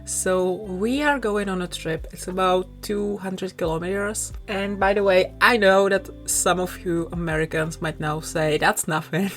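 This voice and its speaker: Rambling young Czech woman, lowish voice. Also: a little slow. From southern Bohemia, Czech Republic. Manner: rambling, self-conscious, laughs often. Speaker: YouTuber. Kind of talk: rambling casual chat over a speedbuild. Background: soft background music.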